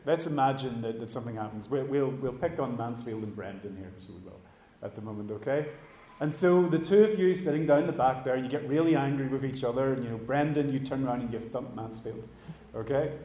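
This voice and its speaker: A man preaching a sermon in a church, animated, acting out the voices he quotes and dropping to a hush at the ends of phrases. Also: mid-range voice, fairly quick. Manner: animated, acts out quoted voices, trails off quietly. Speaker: pastor. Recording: echoey church room.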